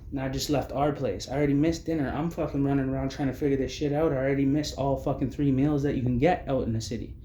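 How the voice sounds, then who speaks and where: A man's voice: mid-range voice, steady tone, fast, few pauses, mellow, a little hiss or hum. Man ranting bluntly in a roomy space. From Canada. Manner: heavy swearing, blunt and agitated. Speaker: vlogger recounting homelessness. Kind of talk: angry personal testimony.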